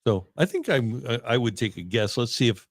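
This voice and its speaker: A man in his sixties hosting a sports talk show, reminiscing in a relaxed, halting way with many fillers. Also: mid-range voice, no room sound, clean studio sound. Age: 60s. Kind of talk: casual sports radio chat. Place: radio studio.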